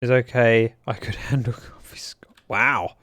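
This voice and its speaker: A man's voice: medium pitch, fairly even intonation, a little slow, fairly bright tone, a little hiss or hum. A young man streaming a block-building game, chatting and joking with his viewers as he plays. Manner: chatty, joking, reads out chat messages. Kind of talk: casual livestream chat while playing.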